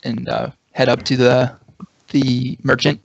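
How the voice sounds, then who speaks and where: Gravelly-voiced laughing player. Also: male voice, mid-range voice, flat delivery, unhurried, no room sound. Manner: laughing, casual and confident. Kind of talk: playing a tabletop game. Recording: dry, dull lo-fi sound.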